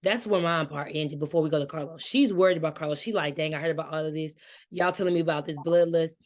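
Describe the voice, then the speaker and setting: Emphatic woman recapping a book. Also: low voice. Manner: quick, emphatic plot recap, disputes details. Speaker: book-swap co-host. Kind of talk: casual book discussion.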